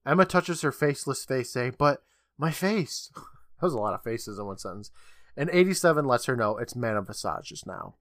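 Recapping episodes on a casual podcast, a male co-host talks chattily, acts out quotes, and laughs a lot. His medium-pitched voice is expressive and a little fast, captured in a dry, clean studio recording.

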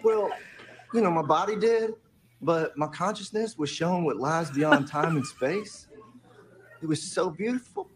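An actor playing a tearful man abductee who talks earnestly and slowly about his joy. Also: a little high, lively intonation, background noise. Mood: weepy, earnest. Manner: earnest, slow and weepy. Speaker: alien abductee.

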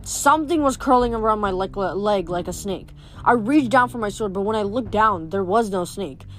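A woman's voice: medium pitch, normal speed, fairly bright tone, a little hiss or hum. A woman reading a novel aloud in a plain read-aloud manner, stumbling now and then. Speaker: reader.

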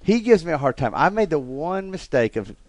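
A middle-aged man from Alabama, telling animated stories and laughing often in a casual chat. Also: fairly high pitch, fairly quick, no echo. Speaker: co-host.

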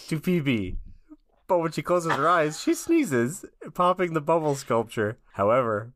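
A woman's voice: very deep voice, no echo. A young woman co-hosting a casual podcast, recapping a cartoon episode and laughing along with her co-host.

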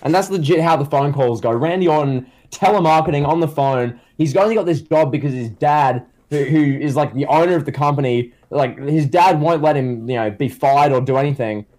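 A man's voice: fairly high pitch, brisk, few pauses, a little mellow. A man co-hosting a casual comedy chat who tells rambling stories full of fillers and restarts. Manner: rambling, filler-heavy storytelling. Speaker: co-host.

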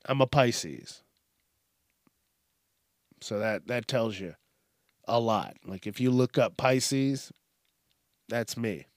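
A man with a mid-range, animated voice hosts a casual solo podcast on a studio microphone, talking slowly with long pauses in a dry, clean studio recording. He rambles and curses in a slight Southern twang, laughing often.

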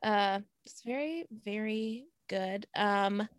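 A woman's voice: medium pitch, slow pace, clean tone, no room sound, clean studio sound. A woman comedian guest chatting on a podcast, laughing often and acting out quoted lines. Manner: giggly, acts out quotes in bursts. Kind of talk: casual podcast chat.

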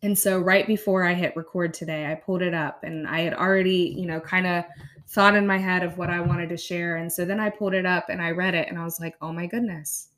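Woman, podcast host, chatty, self-correcting, slightly low voice. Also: fairly even intonation, fast, a bit bright. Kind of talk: casual chat and reading her blog aloud.

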